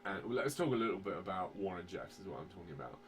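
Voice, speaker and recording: A man's voice: deep voice, animated, racing, a little hiss or hum. A man chatting casually on a podcast, rambling with lots of fillers and swearing, and at times building into heated rants. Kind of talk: casual conversational podcast chat.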